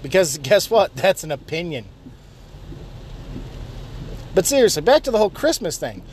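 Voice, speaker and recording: A man ranting and swearing constantly while driving, yelling at other drivers between complaints. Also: sits high, very animated, fast, a little hiss or hum. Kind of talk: profane driving rant. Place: inside a car while driving.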